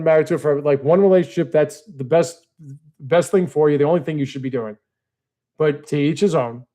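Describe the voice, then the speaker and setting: A man ranting casually to his audience, profane and exasperated, swinging between low mutters and heated outbursts. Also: dark tone. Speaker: video creator. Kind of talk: casual rant to camera.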